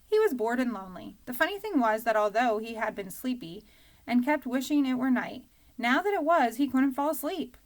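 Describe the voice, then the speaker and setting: A woman's voice: on the high side, animated, moderate pace. Woman reading a storybook aloud. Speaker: audiobook reader. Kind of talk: storybook narration.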